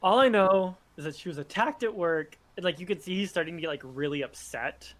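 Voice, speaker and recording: A man's voice: sits high, lively intonation, brisk. Chatty young man running a tabletop game. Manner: casual, many "like" fillers. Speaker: game master.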